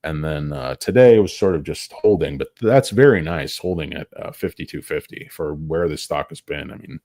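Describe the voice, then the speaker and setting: Deep-voiced man joking through market talk. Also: normal speed, no room sound, studio quality. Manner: crude joking asides, tangents, loud bursts. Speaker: stock market livestream host. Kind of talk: rambling casual market commentary.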